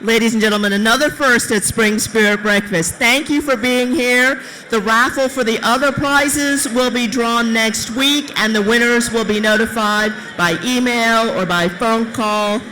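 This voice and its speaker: A man with a very high, bright voice makes formal announcements to the room. Faint ambience of the hall sits behind him. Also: steady tone, unhurried, few pauses, a little hiss or hum. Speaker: event announcer.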